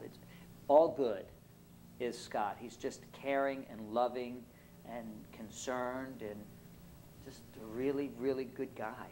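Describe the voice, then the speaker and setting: A man from Brooklyn with a faint New York accent answers fan questions on a convention panel. He rambles through warm, jokey stories, full of fillers and restarts. A little background noise sits under his voice. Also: medium pitch, rough recording. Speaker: panel guest. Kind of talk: convention panel Q&A, casual storytelling.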